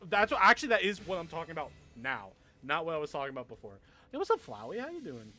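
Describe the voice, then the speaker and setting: A man's voice: a little high, huge pitch swings, quick pace, pushed and bright, slight background noise. A young man chatting casually with viewers on a gaming livestream, rambling, swearing a lot and laughing often.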